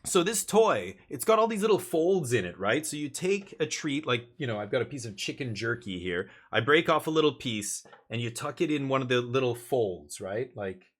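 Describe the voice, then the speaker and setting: A man's voice: mid-range voice, very animated, normal speed, few pauses. A man chatting casually as he streams a card game, rambling with jokey asides. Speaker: live streamer. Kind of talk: casual gameplay commentary.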